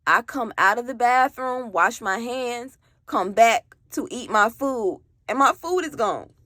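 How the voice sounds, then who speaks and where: Young woman, bright and a bit high, rambling candid storytime with swearing, dry sound. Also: expressive, unhurried, no room sound. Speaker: vlogger telling her own story. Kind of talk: casual storytime monologue.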